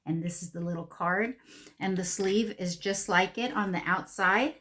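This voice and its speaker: A woman beauty vlogger unboxing a makeup palette in a casual vlog, gushing and excitable, often repeating herself. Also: medium pitch, moderate pace.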